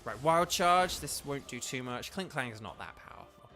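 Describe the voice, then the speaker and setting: A man's voice: mid-range voice, expressive, moderate pace, pushed and bright, soft background music. A man streaming a game, enthusiastic and rambling, with many fillers. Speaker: gaming streamer and voice actor. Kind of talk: casual gameplay commentary.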